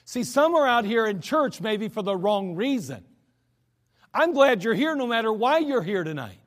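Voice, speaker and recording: A man's voice: sits high, big pitch swings, moderate pace. A man preaching a sermon in a church, earnest and emphatic in a conversational way. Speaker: pastor. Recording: echoey church hall.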